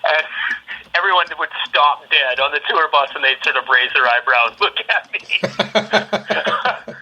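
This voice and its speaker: A man's voice: on the high side, unhurried, pushed and bright. A man from British Columbia with a Western Canadian accent, a guest telling easygoing stories in casual chat, heard over a dull phone line. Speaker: podcast guest, musician.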